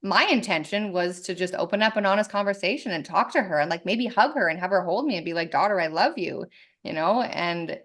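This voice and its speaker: A woman's voice: fairly low pitch, fairly quick, few pauses. A woman in her thirties, a podcast guest talking candidly and with lots of energy in a casual conversation. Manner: candid, animated, swears freely.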